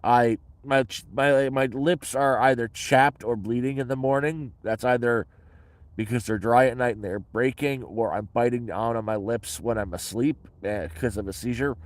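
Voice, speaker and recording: A man's voice: medium pitch, dry recording. A man from Canada, talking casually and bluntly about his life, with some swearing. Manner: blunt, profane, matter-of-fact. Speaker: vlogger answering viewer questions. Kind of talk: casual chat. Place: his shelter.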